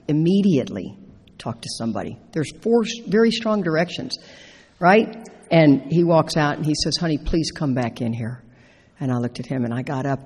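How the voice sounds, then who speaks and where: A middle-aged woman telling a personal story as a speaker at a recovery convention, animated and laughing as she acts out her own lines. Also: low voice, husky. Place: large convention hall. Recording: echoey hall reverb.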